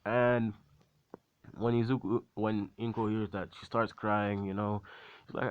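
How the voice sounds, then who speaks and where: A man's voice: on the low side, little pitch movement, unhurried, dry recording, dull audio. A man casually retelling a fan story in a rambling way, full of fillers.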